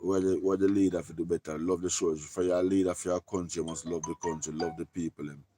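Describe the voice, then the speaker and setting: A Jamaican man talking casually on a live stream, giving shout-outs in loose patois and repeating his catchphrases. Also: deep voice, level tone, fast, no echo, faint music behind.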